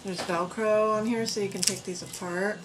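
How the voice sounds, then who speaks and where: Against a noisy background, the same woman walks through her puppets at a moderate pace, her mid-range voice fairly even in intonation. It's an upbeat, rambling show-and-tell full of fillers, set in her collectible-packed room at home; she is an adult parent.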